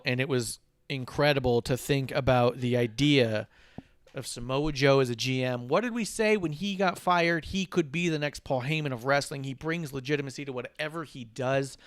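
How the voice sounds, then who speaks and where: A man hosting a podcast, retelling a wrestling show with lively swearing and acted-out quotes. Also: mid-range voice, clean tone, dry recording. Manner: animated retelling, voicing characters and swearing. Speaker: podcast host. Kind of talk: casual wrestling recap chat.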